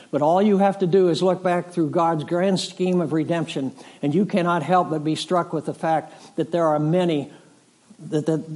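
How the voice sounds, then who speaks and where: A middle-aged male pastor preaching a sermon, rising to loud emphatic swells and dropping to soft, solemn lines. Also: a little high. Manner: slow, dramatic preaching that swells and drops.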